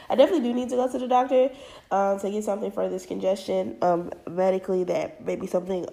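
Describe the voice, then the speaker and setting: A woman's voice: mid-range voice, gravelly, dark tone. A young woman hosting her own podcast, stuffy and congested from allergies, talking in a frank, profane way as she vents about being underpaid. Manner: frank and profane, venting about money troubles. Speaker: podcast host. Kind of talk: casual solo podcast monologue.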